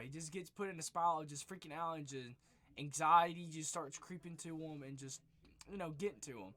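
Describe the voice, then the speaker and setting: Rambling, bright-voiced young man recapping. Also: a little high, normal speed. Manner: rambling, swears freely, leans on "just" and "like". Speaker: movie reviewer. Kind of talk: casual spoiler recap.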